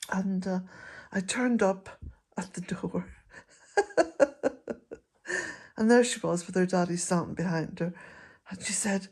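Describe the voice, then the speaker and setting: Older woman, unhurried pace, mid pitch, gentle rambling casual chat. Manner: gentle, rambling, warm-hearted, chuckling often. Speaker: vlogger.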